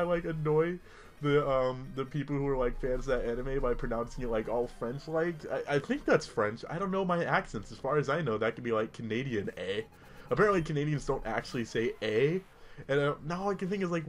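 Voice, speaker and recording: A young man giving casual, rambling commentary while playing a video game, full of jokey asides. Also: a little high. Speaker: gaming YouTuber. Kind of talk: casual let's-play commentary.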